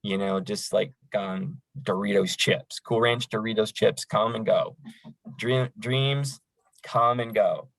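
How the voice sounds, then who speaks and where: A man's voice: lowish voice, steady tone, takes it slowly, a bit bright, no room sound, low-quality recording. A man running a crisis line training session in a conversational, folksy way, with frequent fillers. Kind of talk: training lecture.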